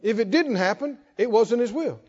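A man's voice: extremely high pitch, lively intonation, moderate pace, a little mellow. A man preaching a sermon in a folksy way, calling out to the congregation. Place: church hall. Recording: muffled hall reverb.

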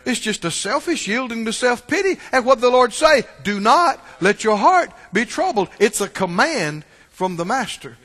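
A man preaching a sermon to his church, swinging between shouted exhortation and low, quiet asides, often asking the congregation "right?". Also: lively intonation, normal speed, long reverb tail. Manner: call-and-response asides like "Right?" and "Huh?". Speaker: pastor.

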